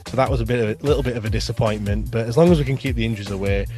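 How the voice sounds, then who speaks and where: A man's voice: mid-range voice, racing, warm tone, faint music behind. A man, a football fan podcaster, chatting casually and upbeat as a guest, talking in long rambling runs. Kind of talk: casual interview chat.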